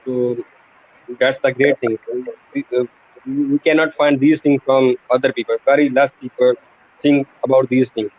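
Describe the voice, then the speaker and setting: A man's voice: mid-range voice, little pitch movement, moderate pace. Guy from pakistan, english student, stumbles and restarts a lot, muffled lo-fi call audio. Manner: hesitant, repeats and restarts. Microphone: video call.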